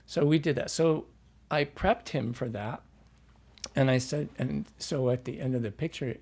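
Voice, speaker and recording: A dialect coach telling anecdotes in a relaxed, rambling way, full of fillers and restarts. His voice is mellow and a little husky. He sounds like a man chatting casually in an interview. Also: medium pitch, normal speed.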